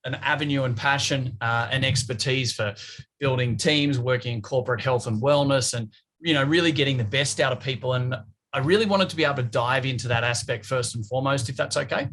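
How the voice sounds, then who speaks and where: A man hosts a casual podcast interview. He talks in a friendly, matey way, full of fillers and restarts, at an ordinary middle pitch. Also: a little fast, a bit bright. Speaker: podcast host.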